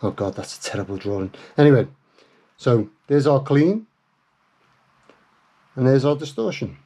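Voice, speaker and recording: A man talks through a guitar pedal modification as a relaxed workshop tutorial. He is chatty and self-deprecating, and often pauses on fillers and restarts his sentences. His voice sits at an ordinary middle pitch.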